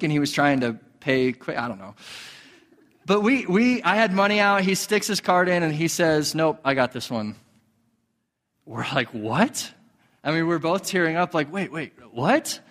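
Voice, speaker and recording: A man's voice: a little high, a bit bright. A man preaching a sermon in a conversational, storytelling way, with fillers and repeated words. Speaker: pastor. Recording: long hall reverb.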